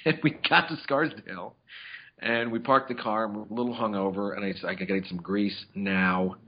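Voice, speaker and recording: Husky guy rambling through a story on a podcast, lots of restarts, dull sound. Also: fairly low pitch, a little fast. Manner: rambling storyteller with many restarts, acts out quotes. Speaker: podcast host. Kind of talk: casual chat. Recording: dull lo-fi audio.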